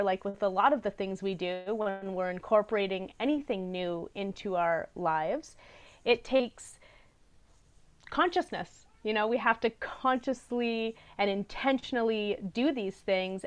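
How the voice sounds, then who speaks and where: A woman speaks in an unhurried, reflective conversational style. She is earnest and thoughtful and sometimes stops mid-thought to search for a word. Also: medium pitch. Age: adult parent. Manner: earnest, gently searching for words, with soft laughs. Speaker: podcast co-host.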